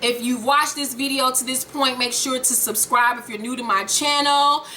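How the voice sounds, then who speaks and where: A young woman casually recapping a TV episode, profane and animated, acting out the characters as she retells scenes. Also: sits high, normal speed, slight background noise. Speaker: TV recap reviewer.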